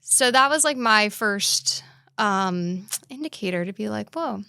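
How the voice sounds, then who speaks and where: Female guest, crisp clear voice, dry close sound, earnest and tentative. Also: mid-range voice, animated, unhurried, sharp tone, dry recording. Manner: earnest, agreeable, a bit hesitant. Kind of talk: casual chat.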